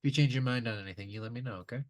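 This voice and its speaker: A man doing a smooth, polite young waiter. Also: mid-range voice, racing, voice pushed up, natural voice.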